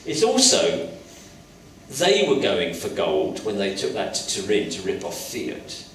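A man's voice: low-pitched, a little slow, slight background noise. A man in his sixties from England, a sculptor telling anecdotes on stage in a college lecture hall and acting out the voices in his stories. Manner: lively storyteller acting out voices. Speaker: sculptor, invited guest artist. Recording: echoey hall from far off.

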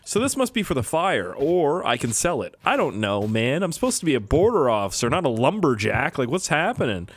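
A man's voice: medium pitch, very animated, a little fast, few pauses. A young man from Canada giving joking, self-mocking commentary while playing a game. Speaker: gaming YouTuber. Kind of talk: let's play commentary.

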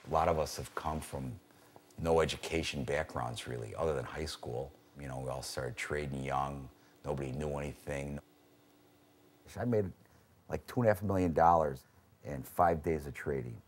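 A man's voice: a bass voice, normal speed, a little hiss or hum. A man, a floor trader, telling blunt, profane stories in a documentary interview.

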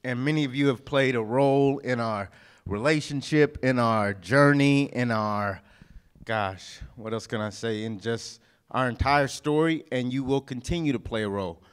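A man, the groom, thanking his guests at a wedding reception in a measured, grateful way, at times searching for words. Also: mid-range voice, clean tone. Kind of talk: wedding thank-you speech.

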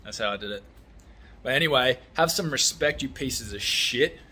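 Sweary, husky-voiced man. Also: mid-range voice, moderate pace. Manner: blunt, sweary, animated. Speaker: vlogger, construction worker. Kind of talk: casual chat.

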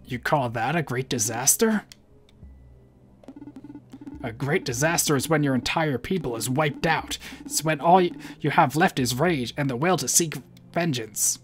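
A man's voice: medium pitch, a little slow, a little hiss or hum, lightly acted. A man reading the lines of a grim, vengeful leader who speaks coldly of revenge. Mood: menacing.

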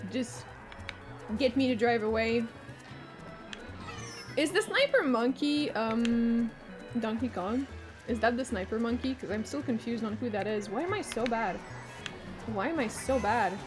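A woman's voice: a little high, a little slow, pauses often, soft background music. Giggly young Quebecois woman streaming a game. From Quebec, Canada. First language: Quebec French. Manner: rambling, self-mocking, swears freely, giggly. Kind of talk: casual gameplay chat.

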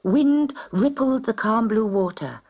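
A woman reading a children's story aloud in an expressive, dramatic way. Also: a little high, slow, lo-fi sound.

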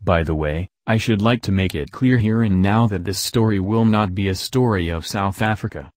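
A man narrating a novel as an audiobook in a steady, even storytelling manner. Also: on the low side, normal speed, no room sound, clean studio sound.

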